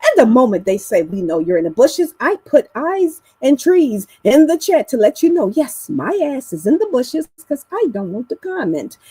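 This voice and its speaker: Woman panelist, slightly high husky voice, teasing and blunt, swings all over in pitch, casual live-chat delivery. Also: normal speed, few pauses, no echo, poor audio. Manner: animated with big pitch swings.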